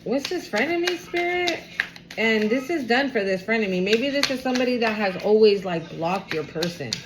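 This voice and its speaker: A woman giving a casual tarot reading to camera. She is animated and expressive, swears freely and talks aloud to spirit. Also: fairly high pitch, moderate pace, noisy background. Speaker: tarot card reader.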